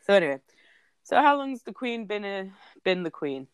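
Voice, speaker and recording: A woman's voice: mid-range voice, big pitch swings, normal speed, smooth, no echo. A British woman in casual chat, playful and sweary, telling stories and guessing answers with a giggle. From Britain. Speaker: podcast co-host.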